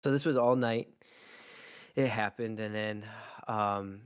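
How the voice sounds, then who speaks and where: A man's voice: fairly low pitch, steady tone, takes it slowly, clear, resonant tone, no echo, clean studio sound. A man co-hosting a podcast, telling a long family story in casual chat with lots of ums and likes. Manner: rambling storyteller, many fillers. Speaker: podcast co-host, father.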